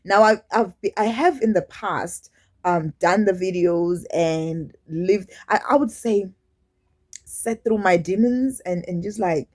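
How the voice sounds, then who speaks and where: A woman vlogger talking openly to her camera, candid and halting, often restarting her sentences and acting out quoted remarks. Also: mid-range voice, darkish tone. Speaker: YouTube vlogger. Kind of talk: personal confessional vlog.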